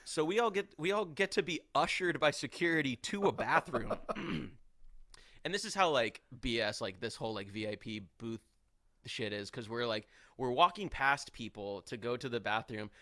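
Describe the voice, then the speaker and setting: A man's voice: medium pitch, expressive, normal speed, fairly bright tone, dry recording, studio quality. A young man telling a long, rambling story on a podcast, filling it with "like" and acting out what people said. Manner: rambling, heavy on "like", acts out quotes. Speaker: podcast guest. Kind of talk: casual storytelling.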